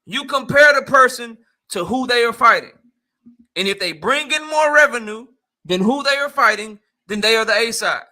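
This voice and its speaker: A man's voice: extremely high pitch, animated, normal speed, pushed and bright. A young man hosting a casual livestream debate, talking heated and slangy, repeating himself and often laughing. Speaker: host.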